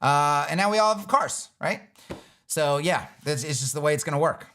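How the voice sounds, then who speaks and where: Animated, emphatic man hosting a casual stream. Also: fairly high pitch. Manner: animated, emphatic, swears casually, acts out users in quick voices. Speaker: web design educator and livestream host. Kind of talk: casual livestream Q&A.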